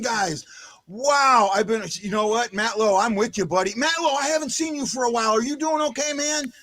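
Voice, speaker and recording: A man hosting a live fan show, excitable and given to shouting and chanting. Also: very high voice, normal speed. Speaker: host of a fan livestream show.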